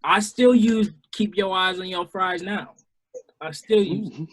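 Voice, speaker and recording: A man's voice: sits high, rough recording. A young man, a former camp counselor, joking in a casual podcast chat. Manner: slow, joking delivery.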